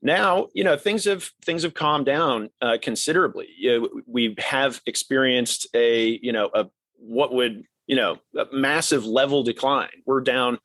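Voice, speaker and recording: A man with a mid-range voice speaks as a guest analyst on an economics podcast. His delivery is measured and steady, full of small "uh" fillers. The sound is dry and close, with no room around it. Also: medium pitch, no room sound. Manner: fluent, measured, lots of filler uhs. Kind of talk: casual economics podcast talk.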